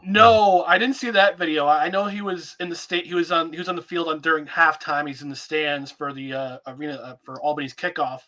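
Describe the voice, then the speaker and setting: A man hosts a sports podcast in a relaxed, friendly chat. His voice sits a bit high and sounds bright, and he pauses and hesitates often. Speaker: podcast host.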